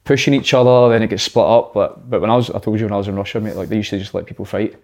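Fast-talking man telling stories. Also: lowish voice. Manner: animated, rambling anecdotes. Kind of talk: casual storytelling chat.

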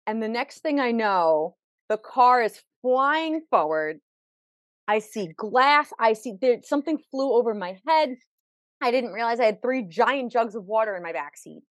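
Unhurried and expressive, a woman with a voice on the high side describes a personal experience vividly as a podcast guest. She acts out the people in the story and, when emotional, repeats words. It's a dry recording.

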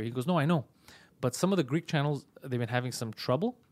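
A man's voice: mid-range voice, fast talker. A man hosting a comedy podcast, telling a story in casual chat, swearing a lot and acting out both sides of a phone argument. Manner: animated, profane, acts out both sides of phone calls.

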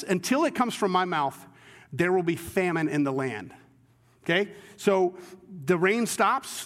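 A male pastor with a high voice preaches a sermon, telling the story with energy and acting out the voices of its characters. His voice rings with the long reverb of a large church hall.

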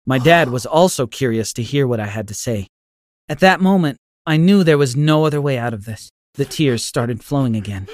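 A man narrating a scripted first-person story in an expressive, dramatic way. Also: mid-range voice, moderate pace, a little hiss or hum.

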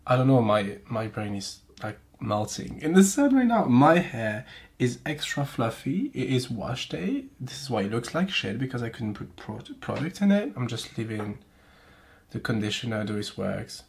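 A French-accented man hosts a podcast in loose, casual chat, his voice stuffy and nasal from pollen. He rambles, swears a lot and pokes fun at himself, sitting at an everyday middle pitch. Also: big pitch swings, normal speed, creaky. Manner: profane, rambling, self-mocking. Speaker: podcast host. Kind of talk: casual chat and reading aloud.

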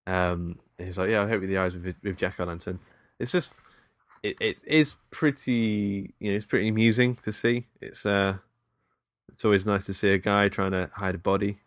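A man's voice: on the low side, steady tone, normal speed, a bit bright, no room sound. A British man recapping a film in casual chat, rambling with laughs and fillers. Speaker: podcast co-host.

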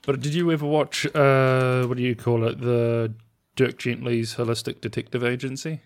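A man's voice: mid-range voice, little pitch movement, moderate pace. A man co-hosting a podcast, chatting loosely about movies and shows, rambling and laughing easily. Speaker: podcast co-host. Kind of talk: casual chat about movies.

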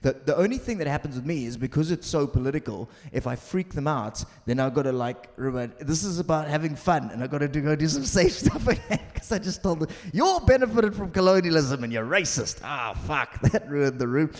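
A man's voice: on the high side, brisk, hardly any pauses. Blunt guy, swears a lot, voice jumps all over, echoey venue. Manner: blunt, energetic, swears, laughs often. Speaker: guest. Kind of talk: casual chat.

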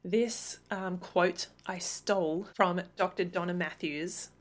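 Earnest woman coaching parents, slightly low. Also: fairly even intonation. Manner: earnest, emphatic, acts out quick imagined retorts. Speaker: parenting coach and podcast host. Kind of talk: solo podcast talk.

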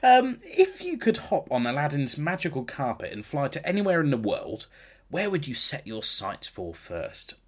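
A man from England hosting a podcast, playfully teasing his guest with quickfire questions. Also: on the high side, huge pitch swings. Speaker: podcast host. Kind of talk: casual interview hosting.

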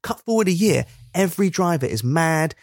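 A man co-hosting a podcast in casual comedic chat, animated and sweary. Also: on the high side, normal speed, no echo, studio quality. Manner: animated and sweary, breaking into impressions. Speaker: podcast co-host.

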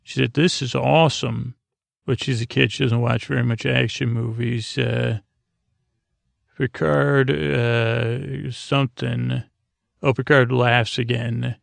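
A man hosts a sleep podcast, rambling through an episode recap with many fillers and restarts. His voice is low-key, flat, and heavily gravelly, and the recording sounds dry and close. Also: no echo. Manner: meandering, halting, many fillers. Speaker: podcast host.

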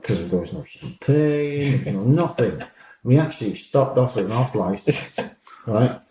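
Ex-football boss with a mellow, roomy voice. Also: male voice, mid-range voice, measured pace, slight background noise. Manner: animated storyteller, acts out quoted dialogue, laughs often. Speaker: former football manager. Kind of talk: anecdotal interview storytelling. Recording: roomy echo.

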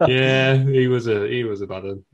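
A man hosting a podcast, chatting casually and laughing often. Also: mid-range voice. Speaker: podcast host. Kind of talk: casual chat.

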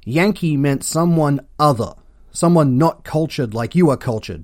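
A man with an Australian accent hosting a comedic history podcast, delivering sarcastic, deadpan jokes. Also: on the high side, a little slow, dry recording. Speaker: podcast host.

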